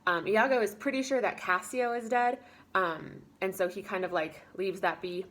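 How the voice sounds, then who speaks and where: A woman's voice: medium pitch, steady tone, normal speed, a bit bright. A woman giving a casual spoken lesson summary as a teacher, talking informally with lots of fillers and paraphrasing characters' lines.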